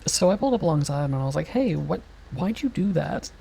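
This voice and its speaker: Gravelly-voiced woman telling a story. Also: low voice, fast, rough recording. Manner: animated, laughing, quotes others. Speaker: streamer playing a police role-play character. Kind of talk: casual storytelling with swearing.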